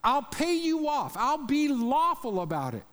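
A man's voice: extremely high pitch, big pitch swings, unhurried, fairly bright tone, voice pushed up, heavily acted. A man voicing a desperate male servant who begs for more time, pleading and repeating himself, heard with a long hall reverb.

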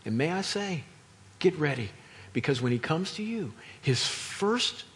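A man preaching a sermon to a congregation, moving between quiet explanation and loud, emphatic delivery. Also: on the high side, sing-song, measured pace. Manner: dynamic, swings from quiet to loud, acts out crowd voices.

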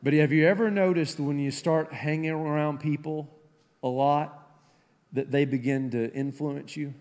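A man with a Southern accent preaching a sermon as pastor, shifting from loud, high-pitched preaching to low, soft intensity. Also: fairly even intonation, unhurried. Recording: long hall reverb.

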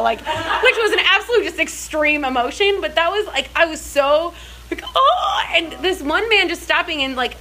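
A woman's voice: high-pitched, bright, forceful tone, a little hiss or hum, poor audio. A young woman telling personal stories in a casual faith talk, chatty and full of filler words and restarts. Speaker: speaker in a church series.

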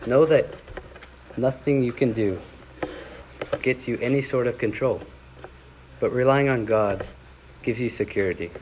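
A man's voice: mid-range voice, a little slow, pauses often, a little mellow, a little hiss or hum, rough recording. A young man giving a sermon in a casual, conversational way, rising into dramatic scripture readings. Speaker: preacher.

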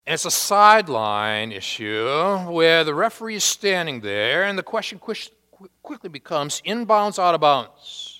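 Male pastor, bright, ringing voice, emphatic sermon delivery with dramatic pauses, big church reverb. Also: on the high side, sing-song, clear, resonant tone. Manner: emphatic, with long pauses and sharp swings from loud to hushed. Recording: hall reverb.

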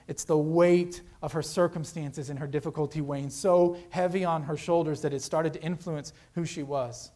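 Earnest preaching man, slightly higher voice. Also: steady tone, moderate pace, hardly any pauses. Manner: earnest, conversational preaching with swings between loud emphasis and hushed lows. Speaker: pastor. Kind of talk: sermon.

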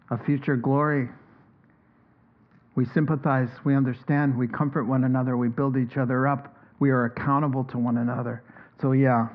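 A man's voice: medium pitch, narrow, tinny audio. A man preaching a sermon in a conversational, folksy way.

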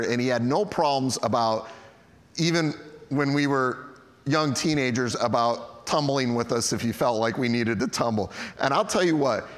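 A man's voice: mid-range voice, fairly bright tone. A man preaching a sermon in a jokey, conversational way, recorded in a large church hall. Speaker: pastor. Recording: long hall reverb.

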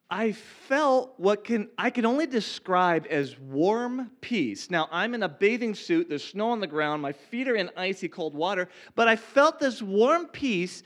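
A man telling a personal testimony to a congregation, earnest, building from quiet reflection to impassioned intensity. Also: sits high, very animated, a little slow. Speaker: speaker sharing a personal testimony.

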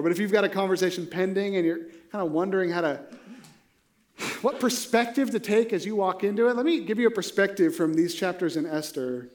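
High-voiced conversational man preaching. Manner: conversational, rhetorical "right?" asides. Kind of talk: sermon.

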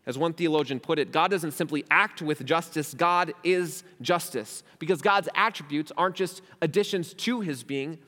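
A man's voice: fairly high pitch, bright, forceful tone, big-room sound. A young man preaching a sermon as pastor, emphatic and asking rhetorical questions. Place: church hall.

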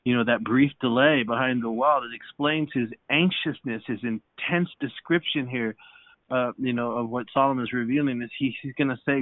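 A man's voice: mid-range voice, normal speed, no room sound. A man leading a podcast Bible study, preaching fervently with frequent hallelujahs and restarts. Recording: dry, phone-like sound.

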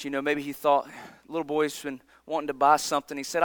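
A man preaching a sermon, earnest and emphatic, often dropping his voice low for effect. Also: steady tone, fast, a bit bright, smooth, dry recording. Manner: earnest, emphatic preaching with dramatic drops in volume.

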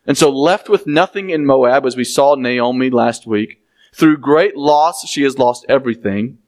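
A man's voice: medium pitch, normal speed. A man, preaching a sermon as he reads scripture aloud and explains it, with conversational asides to the congregation.

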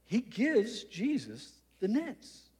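A man's voice: high-pitched, wildly swooping pitch, slow pace, a little mellow, in a large hall. A man preaching a sermon as pastor, conversational and humorous, with teasing asides.

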